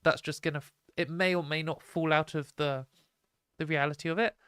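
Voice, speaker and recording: Blunt British woman streamer, slightly hoarse. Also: sits low, steady tone, fairly quick, a bit bright, no echo, clean studio sound. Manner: blunt, opinionated, ranting. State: hoarse from a fading voice. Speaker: live stream host. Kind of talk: casual live stream commentary.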